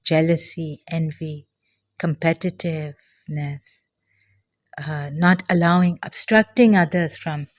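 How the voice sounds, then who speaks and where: A woman giving an earnest personal monologue, short of breath, halting and often trailing off softly. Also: low-pitched. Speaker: vlogger.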